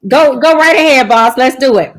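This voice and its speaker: A woman's voice: sits high, moderate pace, a crowd in the background. A woman co-hosting a livestream by call, giving short, upbeat replies. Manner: brief, upbeat backchannel replies.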